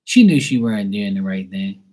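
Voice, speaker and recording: A man's voice: on the low side, expressive, moderate pace, mellow, poor audio. A man giving a casual live-stream psychic reading, talking bluntly and emphatically with plenty of swearing. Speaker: psychic tarot reader.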